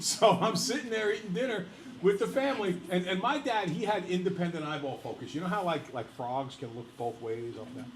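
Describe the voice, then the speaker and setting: A male teacher telling a personal story to his class in a lively, laughing way, speaking to the students directly. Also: fairly high pitch, fairly quick, reverberant, a little hiss or hum, poor audio.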